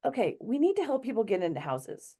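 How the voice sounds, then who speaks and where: A middle-aged woman hosting a show, chatty and quick to laugh in casual talk. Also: a little high, very animated, warm tone, husky. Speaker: show host. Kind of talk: casual chat.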